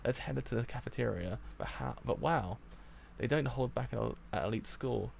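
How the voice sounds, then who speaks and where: A man with a gravelly voice reading a comic aloud live, in a casual way, stumbling and restarting often. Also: mid-range voice, moderate pace, a little hiss or hum.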